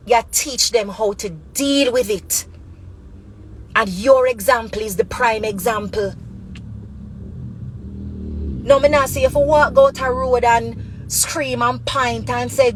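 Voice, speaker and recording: A woman's voice: on the high side, moderate pace, slight background noise, rough recording. A woman with a Jamaican accent giving impassioned spoken commentary as a channel host, emphatic and repetitive, mixing Patois and English.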